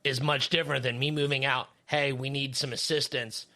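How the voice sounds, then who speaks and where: A man's voice: medium pitch, little pitch movement, brisk, pushed and bright. A man co-hosting a podcast, chatting casually in a rambling way, with lots of fillers and swearing. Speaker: podcast co-host; third shift worker.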